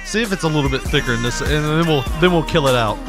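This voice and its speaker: A man's voice: a little high, fast talker, music in the background. A man with a Southern accent co-hosting a podcast in casual chat, laughing often and slipping into mocking voices. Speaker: podcast co-host.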